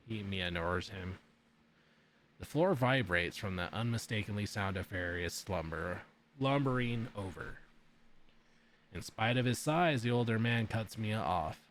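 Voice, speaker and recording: Man, deep voice, streamer, reading game text aloud, blunt sworn asides. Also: moderate pace, a bit bright, a little hiss or hum.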